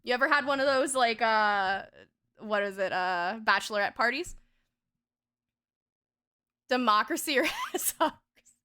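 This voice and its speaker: A woman's voice: fairly high pitch, expressive, a little slow, pauses often, sharp tone, clear, resonant tone. A young woman livestreaming a game, chatting casually with her chat, giggling often, swearing freely and reading game text aloud. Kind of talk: casual gaming stream chat.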